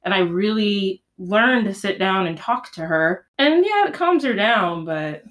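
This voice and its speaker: Laughing, animated young mom telling stories. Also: female voice, mid-range voice, a little slow. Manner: animated storyteller, laughs often, acts out quotes. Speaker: podcast co-host. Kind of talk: casual chat.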